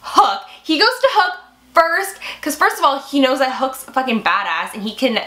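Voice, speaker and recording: A young woman co-hosting a casual fan chat, excitable and gushing, her talk full of "like". Her voice sits fairly high and sounds bright and sharp. The recording has a noticeable echo from the room. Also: moderate pace. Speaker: co-host. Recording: echoey room.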